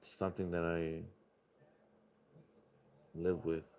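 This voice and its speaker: This live-stream host speaks slowly in a low, darkish voice with a completely flat delivery, and the recording sounds clean. He makes casual conversation as he scratches lottery tickets, rambling, confessing things and swearing freely.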